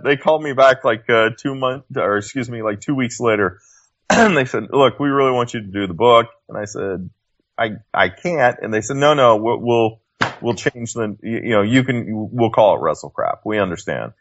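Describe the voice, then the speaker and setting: A man's voice: mid-range voice, lively intonation, moderate pace, fairly bright tone, no echo, lo-fi sound. A man talking as a podcast guest in casual chat, telling a story in a laid-back way and acting out quoted dialogue. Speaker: guest author.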